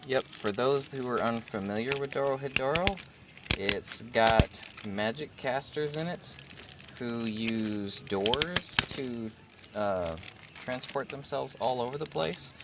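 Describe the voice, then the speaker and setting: A man hosting a casual unboxing video, talking in a relaxed, rambling way with many fillers and self-corrections. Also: medium pitch, takes it slowly. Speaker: vlog host unboxing a collectible figure. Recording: steady background noise.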